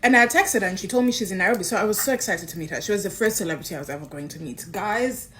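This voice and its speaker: A young woman in her twenties, an influencer, telling a personal story with animated, swinging delivery. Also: medium pitch, very fast. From Kenya. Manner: animated, swings between excited and subdued.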